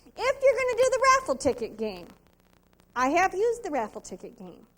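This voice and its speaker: Woman sales trainer, high voice, punchy and emphatic, pitches her tips to a convention crowd. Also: huge pitch swings, normal speed, a bit bright. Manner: emphatic, asks the audience rhetorical questions. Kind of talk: motivational sales training talk. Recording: 2002 VHS convention tape.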